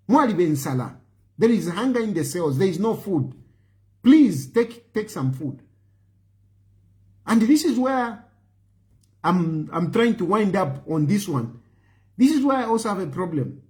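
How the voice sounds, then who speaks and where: A man's voice: high-pitched, darkish tone. A man with a Zambian accent making an impassioned, pleading appeal to viewers as a political commentator, often repeating phrases for emphasis. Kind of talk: impassioned appeal to an online audience.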